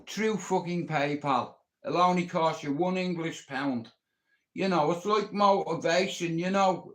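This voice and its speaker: A middle-aged Irish man hosting a livestream, rambling bluntly and swearing constantly. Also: mid-range voice. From Ireland. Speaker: livestream host.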